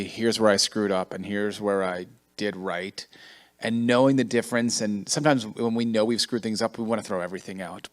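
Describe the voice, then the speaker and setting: A man in his forties leading a men's ministry gathering, talking in a sincere, self-deprecating way. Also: lowish voice. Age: 40s. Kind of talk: casual group talk.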